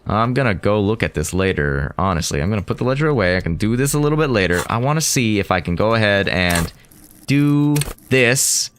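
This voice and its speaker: A man's voice: on the low side, lively intonation, fairly quick, fairly bright tone, a little hiss or hum. A man streaming a story game, reading its text aloud and chatting between lines. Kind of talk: casual game narration reading dialogue.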